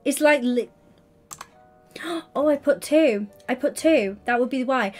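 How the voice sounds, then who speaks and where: A woman's voice: high-pitched, a little slow, long pauses, darkish tone, faint music behind. A woman chatting casually on a gaming livestream, gushing and affectionate as she greets viewers by name.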